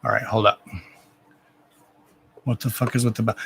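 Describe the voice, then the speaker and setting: A man's voice: mid-range voice, level tone, moderate pace, creaky, a bit bright, breathy edge, poor audio. A man hosting a live psychic reading stream, chatting in a rambling, casual way, swearing now and then and talking to his pets.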